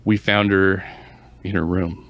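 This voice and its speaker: A man's voice: low-pitched, level tone, unhurried, a bit bright, dry recording. A man voicing an older male punk squatter with a put-on Norwegian accent, speaking bluntly and matter-of-factly. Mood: grim.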